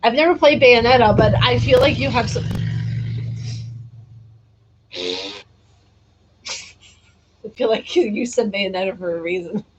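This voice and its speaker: A woman's voice: fairly high pitch, big pitch swings, moderate pace, long pauses, a little hiss or hum, poor audio. A tired woman chatting casually on a gaming livestream, reading and answering viewer comments and laughing often. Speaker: gaming streamer.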